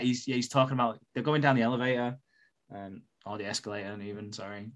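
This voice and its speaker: A man's voice: mid-range voice, level tone, quick pace. A man hosting a casual chat, retelling soap plots in a rambling, sweary way with frequent laughs. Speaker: podcast host.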